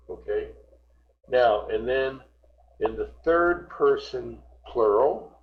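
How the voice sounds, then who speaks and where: Slow, patient male teacher on a video call. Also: mid-range voice, lo-fi sound. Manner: patient, repeats words slowly to correct pronunciation. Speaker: English teacher. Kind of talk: online group class instruction.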